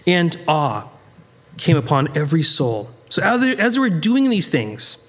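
An American man leading a Bible study, talking it through casually with lots of restarts and sudden bursts of emphasis. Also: moderate pace. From United States. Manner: animated, rambling, self-interrupting, jumps in pitch for emphasis. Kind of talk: conversational Bible teaching.

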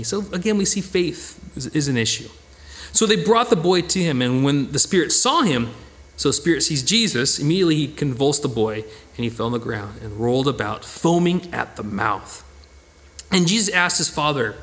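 A man teaches a Bible study in a loose, conversational way, with a voice pitched somewhat high for a man. He talks earnestly and with animated emphasis, often restarting his sentences as he works through a passage. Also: fairly quick.

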